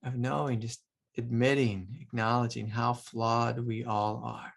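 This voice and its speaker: A man, a spiritual teacher, giving a loose, reflective talk, often saying "like" and laughing softly. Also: mid-range voice, little pitch movement, measured pace, vocal fry.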